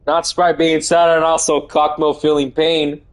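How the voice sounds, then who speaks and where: A man streaming a video game live, reacting excitably, swearing and shouting. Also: a little high, moderate pace. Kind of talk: live gaming stream commentary.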